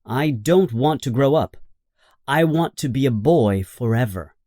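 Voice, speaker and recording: A man voicing a stubborn boy who refuses to grow up, speaking firmly and quickly. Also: mid-range voice, lively intonation, mellow, dry recording, clean studio sound, natural voice.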